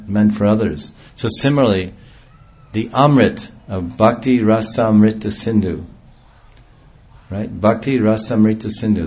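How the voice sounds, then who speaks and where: A man's voice: medium pitch, slightly rough, dull audio. A man giving an earnest devotional sermon, explaining ideas with homely examples. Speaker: preacher.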